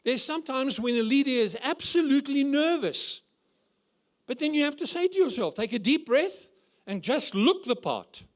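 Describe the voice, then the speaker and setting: Male guest preacher, conference sermon, high voice, lively swooping delivery, joking, rhetorical questions. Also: moderate pace. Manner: animated, humorous, asks rhetorical questions. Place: church conference hall.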